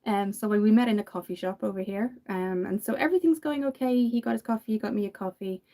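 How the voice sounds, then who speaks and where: An Irish makeup vlogger in her thirties chats casually while doing her makeup, telling stories and laughing a lot. Her voice is medium-pitched and dark in tone, and she talks quickly.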